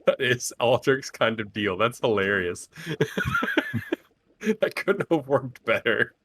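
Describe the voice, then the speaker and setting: A man's voice: mid-range voice, slow pace, a bit bright. A man playing at a tabletop role-playing game, chatting casually in a playful way. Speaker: player. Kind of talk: casual chat.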